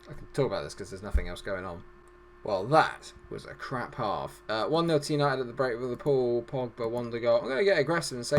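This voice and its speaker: A man commentating on a football management game at his desk, excitable and joking at his own expense. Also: medium pitch, quick pace, a little hiss or hum. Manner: excitable, joking, self-deprecating. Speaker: gaming YouTuber. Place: at home desk.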